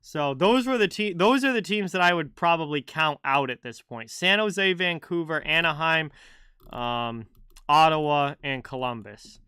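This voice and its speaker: Bright, crisp-voiced hockey stream host. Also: male voice, fairly high pitch, measured pace, no echo, clean studio sound. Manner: conversational, answers chat viewers by name. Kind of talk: casual live-chat commentary.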